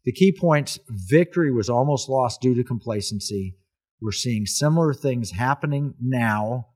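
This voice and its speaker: A man's voice: mid-range voice, expressive, normal speed, a little mellow, slightly rough. Earnest man telling a war story. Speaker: host telling history. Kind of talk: casual storytelling conversation.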